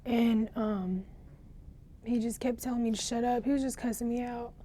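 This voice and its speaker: A teenage girl in an interview, telling of a traumatic night in a halting, shaken way, with pauses and restarts. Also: a little high, steady tone, mellow, a little hiss or hum. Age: teens. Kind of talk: recounting a personal ordeal in an interview.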